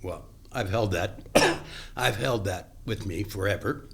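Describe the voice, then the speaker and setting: An older actor, a guest on a podcast interview, telling stories from his past with animated delivery, acting out remembered dialogue and often restarting his sentences. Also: on the low side, unhurried, creaky.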